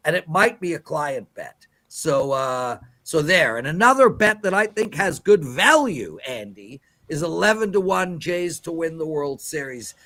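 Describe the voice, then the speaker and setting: A man's voice: fairly high pitch, lively intonation, a little slow, few pauses, bright, forceful tone. A man giving emphatic, preachy sports betting picks on a live show.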